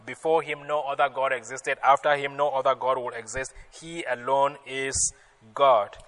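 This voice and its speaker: A male pastor preaching a sermon, emphatic and rising loudly when he quotes scripture. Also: medium pitch, level tone, moderate pace. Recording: long hall reverb.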